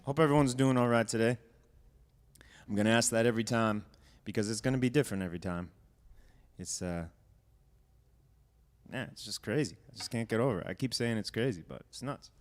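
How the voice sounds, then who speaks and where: A man's voice: medium pitch, brisk, long pauses. A man hosting his own music livestream at home, chatting casually and rambling a little as he greets viewers by name.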